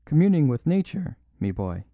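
A man's voice: a little high, normal speed, dry recording, phone-quality sound, pitched above the performer's own voice. A man voicing a defiant Irish army officer with a thick brogue. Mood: flippant. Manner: brogue, reckless, excitable.

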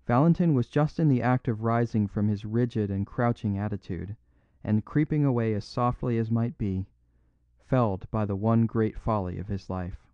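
A man narrating a classic story in a measured, even storytelling voice, in a dry, dull recording. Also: on the low side, clean tone, no room sound. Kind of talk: audiobook narration.

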